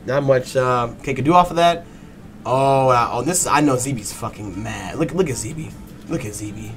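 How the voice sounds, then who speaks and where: A man giving a fast, excited play-by-play breakdown of a fighting game match, swearing and breaking into excited bursts. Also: medium pitch. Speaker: match analyst.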